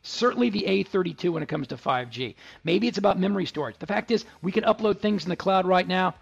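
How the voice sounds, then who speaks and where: A man's voice: sits high, animated, fast talker, gravelly, husky, dull audio, soft background music. A man hosting a radio tech show, chatting casually and joking with puns. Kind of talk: casual radio talk with ad reads.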